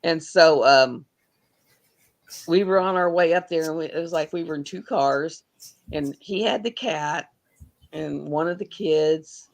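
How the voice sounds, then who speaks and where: A woman's voice: low voice, unhurried, gravelly. A woman hosting a livestream, telling rambling, folksy stories in casual chat. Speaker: livestream host.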